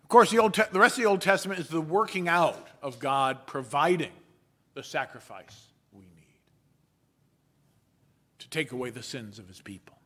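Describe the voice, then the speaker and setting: Male pastor, sermon delivery, bright tense voice, unhurried and wry. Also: fairly high pitch. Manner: measured, storytelling delivery with playful asides.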